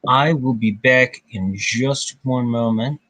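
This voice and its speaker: A man's voice: mid-range voice, slow pace. A man hosting a casual book discussion, retelling myths in his own words. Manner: animated retelling, voicing characters briefly.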